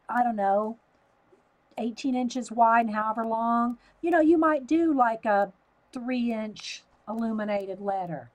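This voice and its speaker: She's a livestream host from the Southern US, talking casually as she draws, greeting viewers by name and breaking into laughter a lot. Her voice runs fairly high, captured on a low-quality recording.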